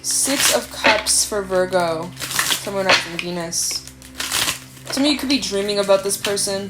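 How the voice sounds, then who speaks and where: A woman giving a casual tarot reading, chatty and animated, swearing freely and acting out quoted voices. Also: mid-range voice. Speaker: tarot reader. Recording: faint background music.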